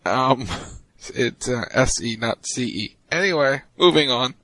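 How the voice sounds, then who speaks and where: A man speaks at a mid pitch in a dry, close recording. He cuts in with teasing asides as a casual co-host and stumbles over his first words. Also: a little slow, a bit bright, no echo. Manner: interrupting, teasing, stammers when starting. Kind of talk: casual podcast chat.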